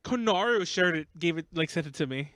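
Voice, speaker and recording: A young man with a Los Angeles accent hosts a casual podcast chat, his voice pitched high and recorded dry and close. He rambles fast, trips over his words and restarts often. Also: lively intonation, fairly bright tone, dry recording. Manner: rapid, rambling, many restarts. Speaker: podcast host.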